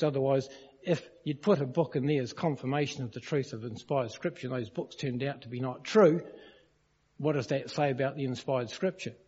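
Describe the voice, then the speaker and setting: A man preaching a sermon, walking through a verse with questions and stories. His voice is slightly high and husky. The recording is dull and lo-fi, with a long echo from a large hall. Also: mellow. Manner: storytelling, questions the congregation.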